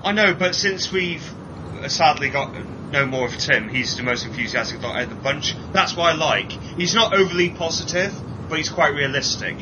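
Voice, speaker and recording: Jokey man, muffled with rumble. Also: moderate pace. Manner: animated, jokey, mimics people in silly voices. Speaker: podcast co-host. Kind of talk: casual chat reviewing a TV episode. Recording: muffled sound with clear vehicle rumble.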